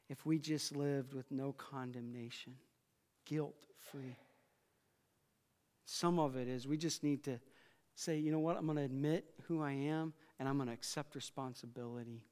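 A man preaching a sermon, swinging from quiet remarks to loud, emphatic passages. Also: medium pitch, steady tone, moderate pace. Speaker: pastor. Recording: long reverb of a large hall.

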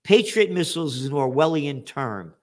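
In a fairly high voice with lively intonation and a moderate pace, an older show host rants about politics. He's angry and sarcastic and swears a lot.

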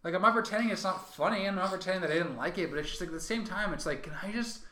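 A man's voice: high-pitched, very fast, pushed and bright. A man co-hosting a podcast, talking casually in a rambling, profane way full of fillers. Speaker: podcast co-host. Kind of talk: casual chat. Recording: roomy echo.

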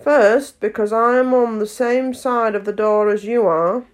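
A woman voicing a solemn, stolid male frog footman who speaks slowly and stays unbothered. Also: a little high, lightly acted.

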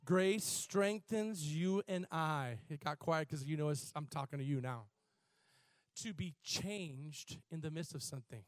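A man preaching a sermon, repeating words and drawing out phrases, building from quiet emphasis to shouted fervor. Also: a little high, unhurried, no echo.

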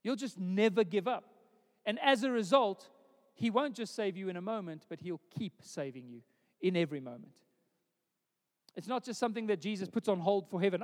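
A man's voice: high voice, expressive, moderate pace, big-room sound. A pastor preaching a sermon in a conversational way, repeating words as he builds each point.

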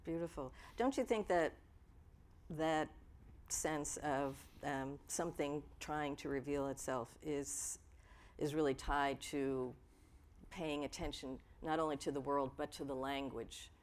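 Female author, low voice, slow and measured, reflective and thoughtful in conversation. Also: fairly even intonation. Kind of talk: live onstage conversation.

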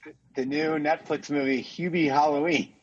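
A man's voice: fairly high pitch, fairly even intonation, moderate pace, husky. A man co-hosting a podcast, chatting casually and stumbling over his words. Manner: chatty, stumbling restarts, laughs often. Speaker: podcast co-host. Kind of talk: casual chat. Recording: dull lo-fi sound.

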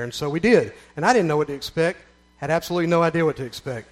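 A man's voice: on the high side, racing. A middle-aged man with a Southern American accent gives an earnest, folksy spoken testimony to a gathering, with repeated phrases that build up into emphatic runs. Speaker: speaker giving a testimony.

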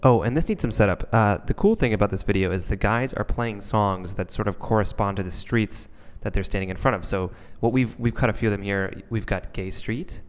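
A man hosting a casual podcast, rambling and halting with fillers. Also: on the low side, big-room sound. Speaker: podcast host.

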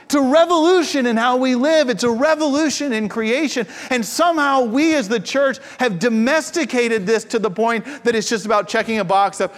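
High-voiced pastor with hall reverb. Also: male voice, normal speed, hardly any pauses. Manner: animated storytelling with playful asides. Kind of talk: sermon.

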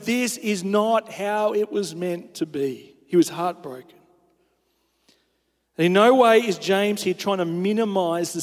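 A male pastor preaching a sermon, earnest and emphatic, asking rhetorical questions. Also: high voice. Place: church sanctuary. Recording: church hall with long reverb.

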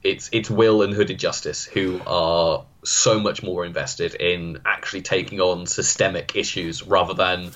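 A man's voice: low voice, steady tone, unhurried, few pauses, a bit bright. A man co-hosting a podcast in casual chat, thoughtful and analytical. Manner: thoughtful, analytical, frequent restarts. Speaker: podcast co-host. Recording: dull lo-fi sound.

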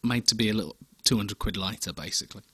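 A man's voice: fairly low pitch, fast, bright, forceful tone, husky, dry recording, clean studio sound. A man co-hosting a casual podcast chat, laughing easily and stumbling over restarts. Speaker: podcast co-host.

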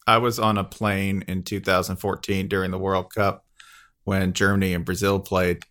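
A man hosting a podcast, telling an anecdote in a lively way and acting out what others said. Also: low-pitched, moderate pace. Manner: lively anecdote teller, acts out quotes. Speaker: podcast host. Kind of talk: casual chat.

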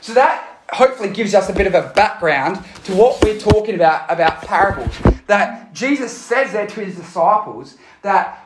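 A young youth pastor talks through a Bible passage and leads a prayer, casual and energetic, often stopping to correct himself. His voice sits high, and the live church hall adds a roomy echo to everything he says. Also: moderate pace, few pauses.

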